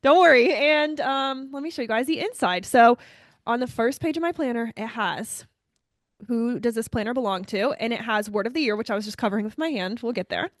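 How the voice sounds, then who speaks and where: A young woman co-hosting a podcast, chatting casually and brightly, often addressing listeners as "you guys.". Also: fairly high pitch, brisk, no echo, clean studio sound. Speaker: podcast co-host. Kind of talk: casual chat.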